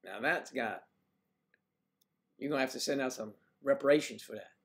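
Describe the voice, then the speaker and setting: A man's voice: medium pitch, normal speed, vocal fry, a bit bright. An older man hosting a casual livestream, musing aloud and trading folksy sayings in a loose, rambling way. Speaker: livestream host.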